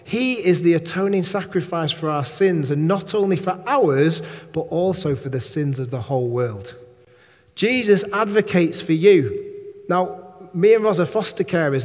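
High-voiced preacher in a reverberant hall. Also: male voice, expressive, normal speed, a little mellow. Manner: conversational, rhetorical check-ins and humorous asides. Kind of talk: sermon.

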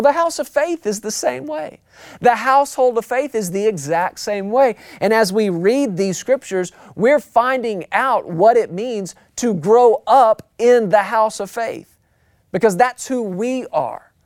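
An emphatic pastor delivers a sermon, reading scripture and then preaching on it, with a voice that sits in a middle register. The delivery often slows to a crawl to drive a phrase home. The sound is close and dry, with almost no room echo. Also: mid-range voice, darkish tone. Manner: calls out to the congregation. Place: church.

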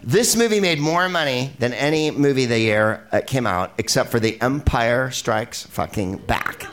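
A man's voice: mid-range voice, lively intonation, normal speed, a bit bright. A man hosting a podcast in a rambling, comic, profane talk about old films, full of digressions and laughing asides. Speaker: podcast host. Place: live venue with an audience.

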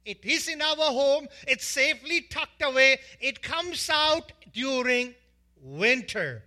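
A man's voice: very high-pitched, expressive, slow, bright, forceful tone. A man preaching a sermon as pastor, emphatic, repeating lists of words and asking the congregation questions.

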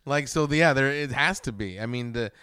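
A man co-hosting a casual film podcast, animated and swearing freely as he acts out lines from the movie. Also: medium pitch, brisk, a crowd in the background. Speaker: podcast co-host.

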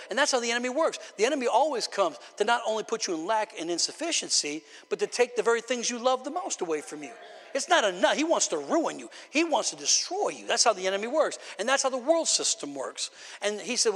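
Brief: male preacher, high voice, emphatic repeating sermon delivery, echoing church hall. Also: brisk, fairly bright tone. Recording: long hall reverb.

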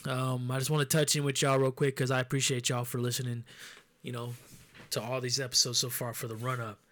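A man hosts a laid-back podcast, talking sports in a loose, profane way. His voice is bright and forceful, sitting at an ordinary pitch for a man. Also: level tone, fairly quick. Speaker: podcast host. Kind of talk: casual podcast chat.

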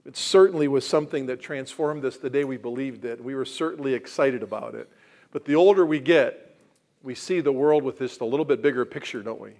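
A male pastor preaching a sermon in a mid-range voice. He booms out key lines with emphasis, then drops to soft, close asides. He keeps turning to the congregation with rhetorical questions. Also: brisk.

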